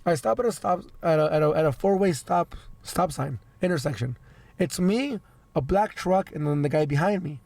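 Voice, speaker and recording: Stammering man telling a story, hoarse. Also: a little high, moderate pace, darkish tone, dry recording. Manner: rambling, stammering storyteller who swears. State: voice worn out from illness. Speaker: podcast host. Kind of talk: casual chat, storytelling.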